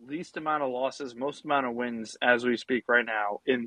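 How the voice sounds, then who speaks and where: A man's voice: mid-range voice, moderate pace, few pauses, pushed and bright, no room sound, rough recording. Dry-sounding man talking casual sports. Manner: rambling, many restarts and fillers. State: has the hiccups. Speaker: podcast co-host.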